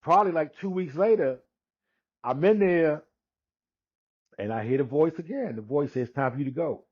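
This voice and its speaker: A man in his sixties telling his personal testimony in conversation, unhurried, acting out the dialogue he quotes, with frequent restarts. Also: a little high, lively intonation. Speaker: guest sharing his testimony. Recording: dull lo-fi recording.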